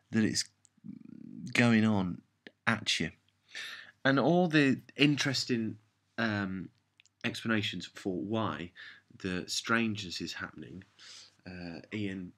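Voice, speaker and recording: Exasperated husky-voiced man reviewing. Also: fairly low pitch, a bit bright. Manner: exasperated, rambling, sarcastic. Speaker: show reviewer. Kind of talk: casual review monologue.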